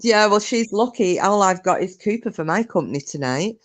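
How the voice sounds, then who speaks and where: A woman's voice: medium pitch, lively intonation, normal speed. A British woman hosting a live stream from her sofa at home, chatting casually with a nervous, giggly manner.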